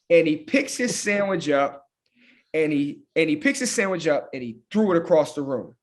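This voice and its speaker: Male guest, football coach, animated storyteller, slightly raised pitch. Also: moderate pace. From Hampton, Virginia. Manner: animated, laughing, with lots of fillers like "man" and "you know". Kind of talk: casual storytelling.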